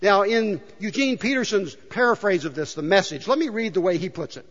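Pastor, male, lively high-ish voice, emphatic sermon delivery, dull, echoey church recording. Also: fairly quick. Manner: emphatic, rhetorical questions to the congregation. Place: church sanctuary. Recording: dull, reverberant church hall.

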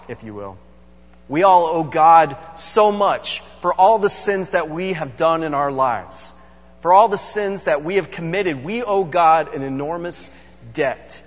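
A man preaching a sermon as a pastor, earnest and emphatic, addressing his congregation directly. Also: a little high. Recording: echoey hall, dull sound.

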